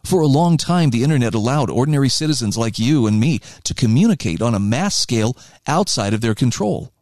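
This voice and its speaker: A man's voice: mid-range voice, lively intonation, brisk, a little mellow, no room sound, studio quality. A man reading aloud from an article and commenting on it in an earnest, emphatic way.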